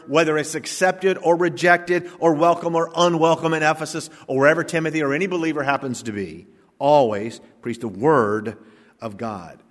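A man preaching a sermon as pastor, his voice sitting a little high. He is emphatic, drawing out the words he wants to land and swinging from hushed to loud. The sound rings with long reverb, as in a big hall. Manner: emphatic, slows down to stress key words.

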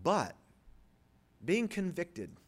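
A pastor preaching a sermon, swinging from loud rhetorical questions to low, quiet passages and acting out the voices of imagined listeners. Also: male voice, wildly swooping pitch, very slow.

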